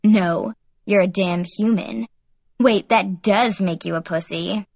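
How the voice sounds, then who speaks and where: A woman's voice: mid-range voice, normal speed, a bit bright, dry recording, studio quality, natural voice. A woman voicing Eric, a cocky young man who talks in a condescending, pompous way, in an audiobook. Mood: mocking.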